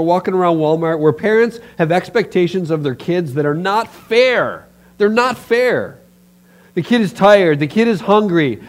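Emphatic, somewhat high-voiced male pastor. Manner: animated, emphatic preaching with direct address. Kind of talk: sermon. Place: church.

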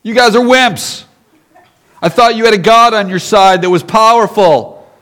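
A man's voice: high voice, a little slow, fairly bright tone, pitched above the performer's own voice. A man playing a boastful giant warrior who mocks his enemies, jeering in a raised voice. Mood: taunting. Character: taunting giant male warrior, boastful and mocking.

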